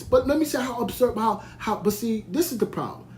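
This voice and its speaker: A man's voice: very high-pitched, lively intonation, a little fast, a little mellow, slight background noise. A man from Brooklyn, hosting a podcast in a heated, rambling rant full of restarts. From United States (Brooklyn). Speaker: podcast host. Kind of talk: ranting monologue.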